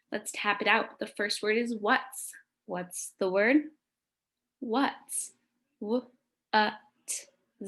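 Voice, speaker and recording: A woman teacher leads a phonics lesson for children. She speaks slowly, with a slightly high voice, and over-articulates each word and sound so little ones can follow. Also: fairly bright tone.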